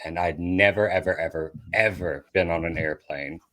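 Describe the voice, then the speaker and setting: A man, a comedian guest on a podcast, telling a story in an animated way that builds to loud bursts. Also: low voice, moderate pace.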